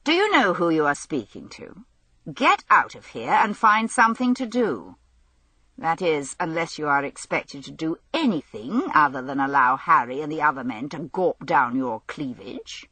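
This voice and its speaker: A haughty woman hands out cutting orders, as a narrator voices her. Her voice is husky and swings widely in pitch, recorded dry and close. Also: very animated, normal speed, bright, forceful tone, no room sound, full character voice. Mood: scornful. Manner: imperious, cutting. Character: haughty, scornful woman on a film set.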